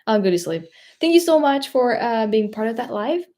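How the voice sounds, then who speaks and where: A woman's voice: fairly high pitch, big pitch swings, normal speed, mellow. A French woman with a French accent hosting a casual livestream, rambling, searching for words and laughing often. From France. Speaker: vlogger host.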